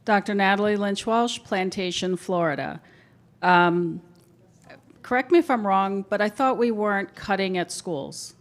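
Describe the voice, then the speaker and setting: A woman's voice: medium pitch, unhurried. A woman giving a public comment at a school board meeting, asking puzzled questions.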